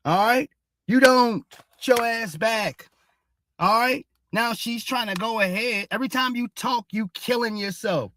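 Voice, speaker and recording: A man's voice: high voice, unhurried, bright, forceful tone, no echo. A man hosting a ranting commentary show, heated and mocking, cursing and repeating "all right?" again and again. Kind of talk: ranting commentary on social media posts.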